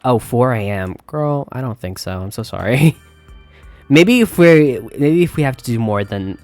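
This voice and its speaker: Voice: mid-range voice, lively intonation, unhurried, no room sound. A streamer giving casual live commentary on a game at the computer, chatty and reactive, laughing and talking to chat. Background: quiet game music.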